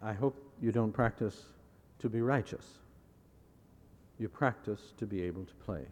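A man preaching a sermon in a measured way, repeating key phrases and putting rhetorical questions to his listeners. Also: fairly low pitch, a little mellow, in a large hall. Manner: asks the audience rhetorical questions.

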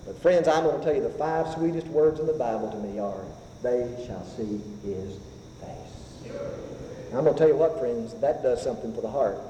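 A man preaching a sermon, swinging between loud rising passages and hushed, slow whispers. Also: mid-range voice, a little hiss or hum. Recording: echoey hall, faint ambience.

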